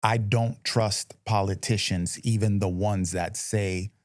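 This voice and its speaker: Blunt, opinionated man with a low voice. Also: steady tone, slow pace, dry recording, studio quality. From United States. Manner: blunt, opinionated, rambling with restarts. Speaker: podcast co-host. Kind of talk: casual chat.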